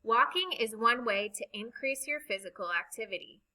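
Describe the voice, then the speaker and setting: A woman teaching a recorded reading lesson, speaking slowly and deliberately as she spells out vowel sounds. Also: a little high, lively intonation, bright, forceful tone, low-quality recording.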